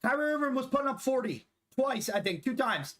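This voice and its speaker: High, lively young man streaming games. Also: a little fast. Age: 20s. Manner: loose, profane, rambling banter. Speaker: gaming streamer. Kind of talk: casual live-stream chat during gameplay.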